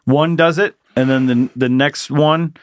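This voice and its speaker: A man co-hosting a podcast in casual chat, relaxed and chiming in with short jokes. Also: on the high side, unhurried, no room sound, clean studio sound. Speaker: podcast co-host.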